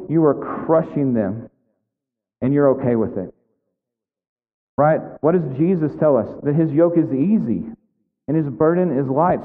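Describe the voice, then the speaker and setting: Male preacher with a fairly high voice, chatty sermon full of "right?" asides, phone-like audio with long hall reverb.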